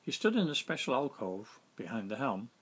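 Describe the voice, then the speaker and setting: A man reading his own story aloud in a wry, self-mocking, lively way. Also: medium pitch, normal speed, husky. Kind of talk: storytelling narration.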